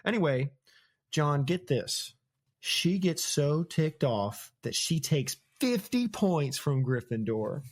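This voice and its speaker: A man's voice: a little high, lively intonation, takes it slowly. A young American man hosting a podcast, casually retelling book chapters and laughing often. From United States. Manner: laughs often, paraphrases scenes in slangy voices. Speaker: podcast host. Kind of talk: casual book-discussion chat.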